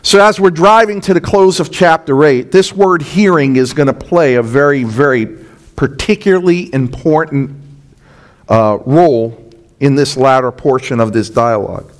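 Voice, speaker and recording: A male pastor delivering a verse-by-verse sermon in a fairly high voice. He is earnest and emphatic, checking in with the congregation through quick rhetorical asides. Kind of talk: expository sermon.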